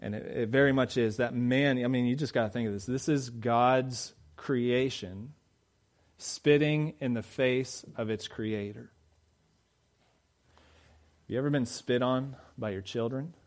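A man's voice: mid-range voice, fairly even intonation, measured pace. Man preaching with emphatic questions. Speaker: pastor. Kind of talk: sermon.

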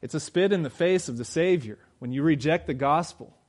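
A man's voice: a little high, fairly quick, darkish tone. A man preaching a sermon, talking conversationally and driving his points home with rhetorical questions. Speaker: pastor.

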